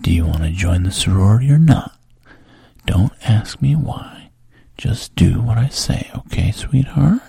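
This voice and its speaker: A whispered role-play in which a man plays a pushy young fraternity guy with a gravelly, breathy low voice. He coaxes slowly and lingers on pet names. The sound is close and dry. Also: expressive, warm tone, dry recording, heavily acted. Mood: demanding. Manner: coaxing, calls the listener baby and sweetheart. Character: smooth-talking young male fraternity guy, coaxing and pushy.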